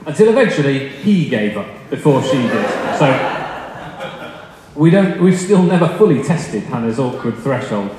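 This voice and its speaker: A man's voice: mid-range voice, sing-song, moderate pace. A young man preaching a sermon, telling funny stories in a chatty, self-deprecating way before turning to the scripture. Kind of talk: storytelling sermon. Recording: echoey hall with long reverb, faint noise.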